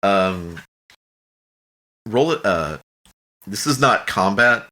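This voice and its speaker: A man's voice: on the low side, lively intonation, very slow, sharp tone. A man narrating a tabletop game as game master in a casual, rambling way, slipping into brief character voices.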